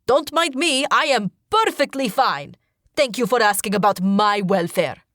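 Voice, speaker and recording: A woman's voice: fairly low pitch, moderate pace, dry recording, clean studio sound, natural voice. A woman reading an audiobook, voicing a proud, defensive sultan who talks coolly and with indignation. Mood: sarcastic. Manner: cool, indignant.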